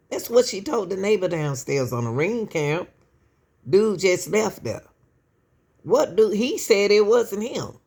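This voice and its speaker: A woman's medium-pitched voice, a little mellow with vocal fry and a breathy edge, carries her true-crime commentary as she talks straight to viewers. It's emotional, casual commentary peppered with rhetorical questions and constant "y'all."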